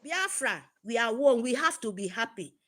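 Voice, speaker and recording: A woman's voice: on the high side, expressive, moderate pace, a bit bright. A woman with a Nigerian accent, giving an impassioned, repetitive address to her supporters. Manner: fervent, emphatic, repetitive. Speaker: activist speaker.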